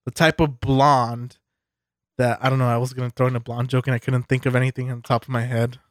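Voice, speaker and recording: Man, podcast co-host, loose profane storytelling, middle pitch, dry close sound. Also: little pitch movement, quick pace, dry recording. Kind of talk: casual chat, storytelling.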